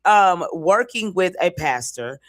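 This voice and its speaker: A woman's voice: on the low side, takes it slowly. Upbeat woman co-hosting a morning show. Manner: upbeat, enthusiastic, steady storytelling. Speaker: co-host of a community morning show. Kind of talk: casual chat.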